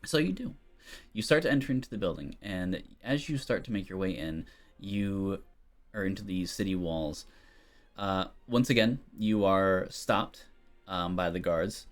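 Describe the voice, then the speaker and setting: A man narrating as game master of a tabletop game, loose and relaxed with frequent ums. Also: low voice.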